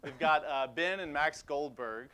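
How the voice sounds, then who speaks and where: Dude cohosting a comedy bit, slightly high voice, deadpan jokes, noisy audio. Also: male voice, unhurried. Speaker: comedy show co-host. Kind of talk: live comedy talk show banter. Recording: noticeable background noise.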